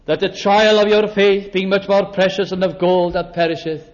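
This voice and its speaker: High-voiced preacher, lo-fi recording. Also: male voice, fairly even intonation. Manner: slow, emphatic preaching with dramatic pauses and quoted scripture. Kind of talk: sermon. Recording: dull lo-fi recording.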